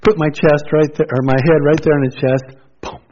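A middle-aged man preaching a sermon as pastor, earnest, rising to loud exclamations and dropping to quiet pleading. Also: on the high side, level tone, brisk, a little hiss or hum. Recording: dull lo-fi sound.

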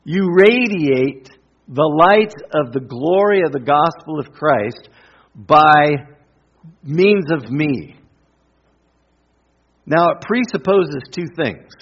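A middle-aged man preaching a sermon with emphatic repetition and deliberate pauses. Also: on the high side, lively intonation, slightly rough, lo-fi sound. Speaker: pastor.

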